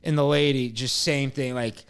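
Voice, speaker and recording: A man's voice: mid-range voice, moderate pace, creaky, smooth. A young man co-hosting a casual podcast, telling a long story with lots of swearing and acted-out dialogue. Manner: animated storyteller, swears freely, acts out exchanges. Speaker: podcast co-host.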